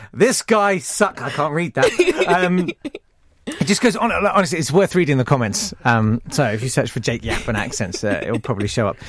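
A man hosting a casual radio chat, teasing his guest and stammering as he talks. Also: mid-range voice. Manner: teasing, halting, stammers and laughs. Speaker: radio host.

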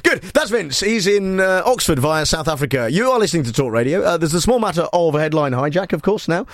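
A man's voice: a little high, lively intonation, fast, no echo, clean studio sound. Playful rambling male radio host. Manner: playful, rambling, self-interrupting. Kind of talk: comic radio banter.

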